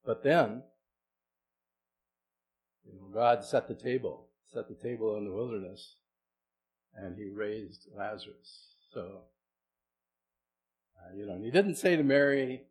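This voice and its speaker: A middle-aged man, a pastor, preaching a sermon in a conversational way, asking the congregation questions and moving between soft and loud delivery. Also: on the low side, expressive, unhurried, long pauses, slight background noise, low-quality recording.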